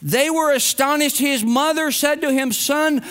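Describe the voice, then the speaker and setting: A man's voice: extremely high pitch, moderate pace, fairly bright tone. A middle-aged male pastor giving a sermon and telling stories in a conversational way. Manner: storytelling, conversational preaching.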